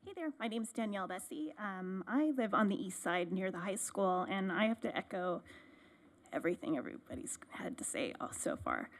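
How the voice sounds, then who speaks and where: A woman's voice: medium pitch, very animated, normal speed. A mother giving a nervous public comment at a city council meeting, her voice shaky as she speaks into a podium microphone.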